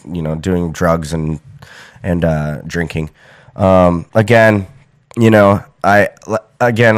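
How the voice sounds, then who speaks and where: Low smooth rambling American man. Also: no room sound, studio quality. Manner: loose and rambling, many fillers and restarts. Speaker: podcast host. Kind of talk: casual rambling monologue.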